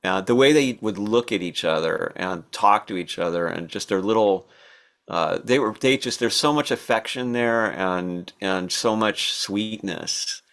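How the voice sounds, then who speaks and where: Low-voiced older man reminiscing. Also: unhurried, a bit bright. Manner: thoughtful, reminiscing, many fillers and restarts. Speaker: podcast guest. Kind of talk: relaxed storytelling interview.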